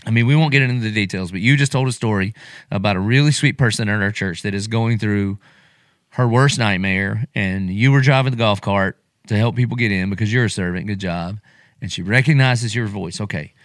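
Brief: middle-aged pastor host, low voice, emotional and animated, dry close mic. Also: male voice, brisk, dry recording. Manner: animated, emotional, acts out quotes. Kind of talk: casual podcast conversation.

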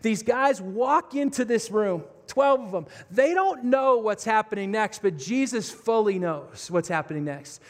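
A man's voice: high-pitched, lively intonation, a little slow, few pauses. A man preaching a sermon, retelling a story vividly and speaking directly to his listeners. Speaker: pastor. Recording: long reverb of a large hall.

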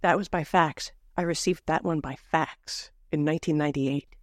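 A woman co-hosting a casual book podcast, sardonic and animated, with the odd swear. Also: deep voice, normal speed, no room sound, studio quality. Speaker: podcast co-host. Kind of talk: casual book-club chat.

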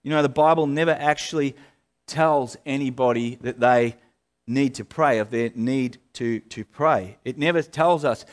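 A man delivers a sermon as a pastor. His tone is conversational rather than formal, and he often restarts his phrases and fills pauses with "uh". His voice sits at an ordinary middle pitch.

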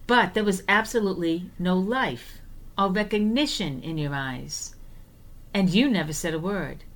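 A woman co-hosting a podcast, telling a personal story earnestly and vividly, often slowing down for emphasis. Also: fairly low pitch, expressive. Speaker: podcast co-host.

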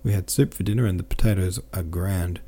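A gentle little peasant soldier speaks in a tender sing-song. A man voices him in an audiobook reading, his tone low and warm. The manner stays soft and caressing throughout. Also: a little fast, slightly rough. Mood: gentle, kindly.

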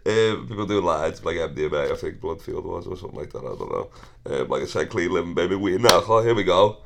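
A man's voice: low-pitched, gravelly. A thirty-year-old man, hosting a podcast and telling rambling, sweary stories with frequent laughs and self-corrections. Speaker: podcast host. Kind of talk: casual storytelling monologue.

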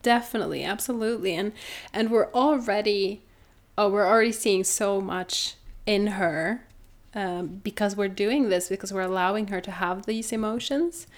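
A woman's voice: mid-range voice, moderate pace. Earnest woman sharing her parenting story. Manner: earnest, reflective, frequent restarts. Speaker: guest, mother and doula. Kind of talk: personal storytelling in conversation.

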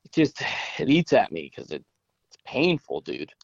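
A man's voice: medium pitch, huge pitch swings, gravelly, dry recording, highs cut off. A man with a West Virginia accent, co-hosting a podcast and talking in a sympathetic, reflective way. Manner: sympathetic, reflective, drawn-out phrasing. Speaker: podcast co-host. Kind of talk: casual podcast chat.

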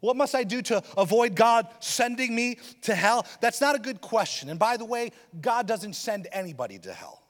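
A man preaching a sermon as a pastor, telling a personal story in an animated, humorous way. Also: very high voice, moderate pace, hardly any pauses. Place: church auditorium. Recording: long reverb of a church hall.

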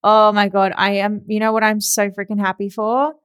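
A young Australian woman hosting a podcast, telling a story in a chatty, excitable way with frequent laughs and casual swearing. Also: medium pitch, moderate pace, smooth, no room sound. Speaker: podcast host.

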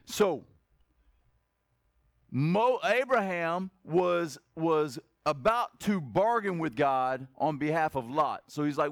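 Pastor guy with a pretty high voice, dry sound, goes loud then soft, keeps asking the crowd stuff. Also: unhurried, no room sound. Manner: animated, swings between loud exclamation and soft asides; conversational, asks the congregation questions. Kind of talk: sermon.

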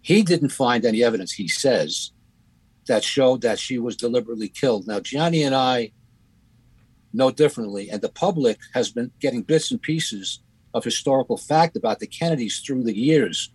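A man co-hosting a podcast, critiquing a documentary in a casual, halting way with many fillers and restarts. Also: mid-range voice, expressive, slightly rough, no room sound, rough recording. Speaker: podcast co-host.

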